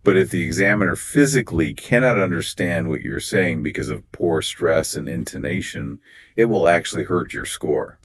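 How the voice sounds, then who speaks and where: A man's voice: low-pitched, normal speed, husky, dry recording. A man co-hosting a scripted English exam lesson, explaining phrases and pronunciation in an emphatic, explanatory way. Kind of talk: scripted two-host lesson dialogue.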